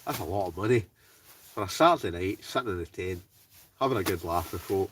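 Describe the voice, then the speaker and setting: Scottish man, lowish voice, chatty livestream host reading the chat aloud; sits back from the mic with faint background noise. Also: fairly quick, distant mic. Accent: Scottish, Ayrshire. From Scotland. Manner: chatty, laughs often, reads out viewer names. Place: inside a heated tent in the snow.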